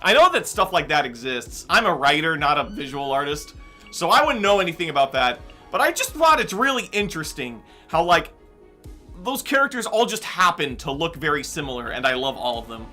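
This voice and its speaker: A man's voice: on the high side, sing-song, brisk, sharp tone, soft background music. A young man streaming a game, chatting casually and going off on tangents, full of "like" and "um". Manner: rambling, tangent-prone, heavy use of "like" and "um". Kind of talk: casual chat while gaming.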